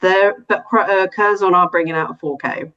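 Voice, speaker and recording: A woman's voice: lowish voice, steady tone, moderate pace, fairly bright tone, highs cut off. A woman in a casual film chat, bubbly, often correcting herself.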